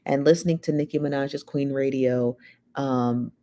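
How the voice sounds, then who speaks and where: A woman's voice: a bass voice, steady tone, moderate pace, dark tone. A woman hosting a live show, chatting casually and reading out viewer comments in a rambling, gossipy way, full of fillers.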